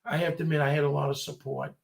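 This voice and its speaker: Gravelly-voiced man telling stories. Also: on the high side, rapid-fire. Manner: animated, acts out quoted voices. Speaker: storyteller. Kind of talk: casual chat.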